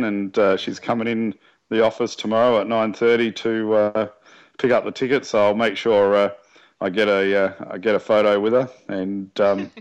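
Laid-back aussie guy, deepish voice, muffled lo-fi audio. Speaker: podcast co-host. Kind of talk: casual chat. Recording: dull lo-fi sound.

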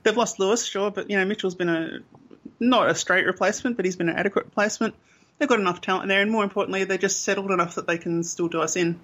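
An Australian man co-hosts a laid-back fan podcast, blunt and opinionated and saying "um" a lot. He talks fast in a high-sitting, slightly bright voice.

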